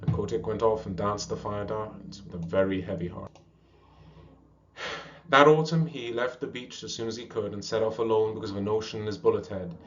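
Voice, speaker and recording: A man reading a classic animal story aloud at a steady pace, with small slips and restarts. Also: on the low side, a little fast. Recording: dull lo-fi recording.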